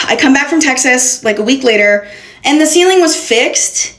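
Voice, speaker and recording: A woman's voice: high-pitched, expressive, moderate pace, a bit bright. A young woman telling an exasperated, profanity-laced story in a casual storytime. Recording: roomy echo.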